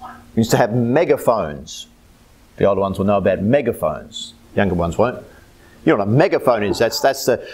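A man with an Australian accent preaching a sermon as pastor, swinging between loud emphatic lines and low hushed ones. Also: animated, unhurried, long pauses, slightly rough.

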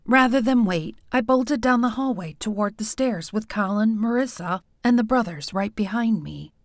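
A woman reading a first-person audiobook in an expressive, animated way, close to the mic. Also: on the high side, normal speed, no room sound. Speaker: audiobook narrator.

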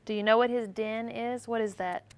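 Lively woman reading a storybook to kids. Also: on the high side, normal speed, clean tone. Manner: animated, asks questions and answers for listeners. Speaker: teacher reading a picture book aloud. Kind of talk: storybook read-aloud lesson with questions to children.

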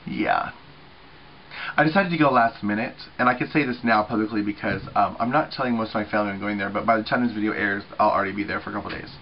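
A man's voice: on the low side, fast talker, lo-fi sound, a little hiss or hum. A man in his thirties chatting casually to camera for a group channel, talking freely with lots of swearing and filler words. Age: 30s. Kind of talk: casual weekly video chat.

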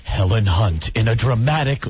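A man's voice: fairly low pitch, lively intonation, moderate pace. A young adult man co-hosting a radio show, bantering in a sarcastic, mock-enthusiastic way and laughing often. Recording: slightly dull lo-fi radio recording with faint hiss.

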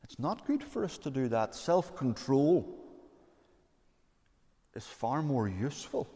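A man's voice: mid-range voice, sing-song, slow pace, mellow, husky. A man preaching a sermon as pastor, earnest and conversational, with fillers and repeated phrases. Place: church. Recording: long church reverb.

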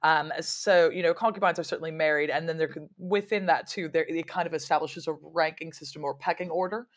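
A woman historian talking as a guest in a casual interview, animated and digressive, breaking into quick laughs and playful mock quotes. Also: deep voice. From lives in London.

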